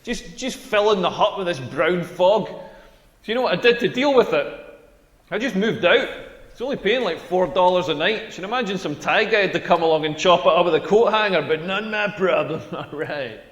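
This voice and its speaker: Here a young man with a Scottish accent, his voice high and a bit bright with lively intonation, rambles at normal speed through stories as a crude stand-up comic who is bombing. The echoey recording places him on a comedy stage inside a hall.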